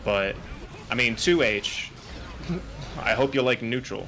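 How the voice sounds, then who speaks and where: A man commentating an online fighting game tournament, calling moves quickly and joking between plays. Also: medium pitch, slight background noise. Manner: excitable, joking, rapid technical call-outs. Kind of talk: esports play-by-play commentary. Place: home setup, online broadcast.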